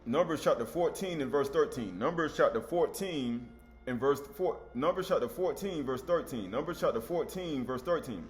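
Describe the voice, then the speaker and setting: A man's voice: mid-range voice, lively intonation, normal speed. A man teaching scripture in an emphatic, conversational way, acting out the voices of people he quotes. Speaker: preacher.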